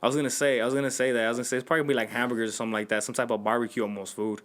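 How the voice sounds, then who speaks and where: A man's voice: medium pitch, level tone, rapid-fire, a bit bright. A young man hosting a podcast, telling loose slangy stories in casual chat. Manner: loose slangy storytelling, acts out quotes. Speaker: podcast host.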